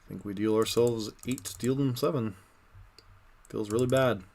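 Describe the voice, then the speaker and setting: A man's voice: medium pitch, moderate pace, gravelly, darkish tone. A man giving casual, dry, resigned commentary while playing a card game online.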